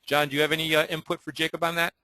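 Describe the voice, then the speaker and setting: A man hosting a sales webinar, briskly relaying audience questions to his guest. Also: fairly high pitch, little pitch movement, bright, forceful tone, no room sound, low-quality recording. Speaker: webinar host. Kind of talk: moderating a webinar.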